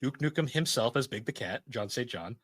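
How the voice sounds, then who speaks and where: Bright-voiced jokey male podcast host. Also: mid-range voice, lively intonation, a little fast, breathy edge, no room sound. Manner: jokey, laughs mid-sentence, acts out quotes. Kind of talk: casual podcast chat.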